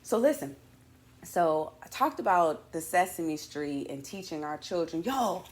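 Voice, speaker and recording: Lively, chatty woman hosting a morning show. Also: on the low side, unhurried. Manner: animated, chatty and slangy, with playful asides. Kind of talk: casual morning show monologue.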